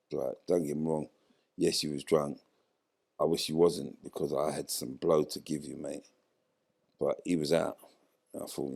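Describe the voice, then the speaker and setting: Older guy, deep and gravelly, telling his story with lots of acted-out quotes. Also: normal speed. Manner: animated retelling, acts out quoted dialogue. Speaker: interview guest, former footballer. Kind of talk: storytelling in a podcast interview.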